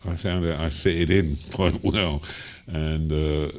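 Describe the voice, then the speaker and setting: Slow and very deep, with fairly even intonation, this voice comes from an older Cockney man from London. The jazz singer spins rambling stories of his life for an interview, chuckling throughout and saying um and you know a lot.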